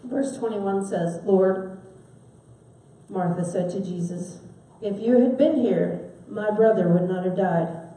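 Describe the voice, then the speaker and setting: A woman giving a sermon, asking her listeners questions and stressing key words with soft pauses. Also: medium pitch. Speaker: preacher. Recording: very echoey, from far off the mic.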